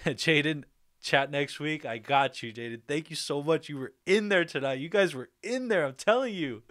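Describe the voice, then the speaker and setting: A man's voice: on the high side, big pitch swings, moderate pace, fairly bright tone, dry recording, clean studio sound. A young man hosting a livestream, chatting casually and upbeat, laughing often as he reads out viewer comments. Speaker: livestream host.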